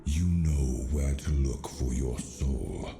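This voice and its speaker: An actor playing an ancient, solemn male spirit who speaks slowly, gravely and formally, in a video game. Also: extremely low pitch. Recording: game voice over loud music. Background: game music.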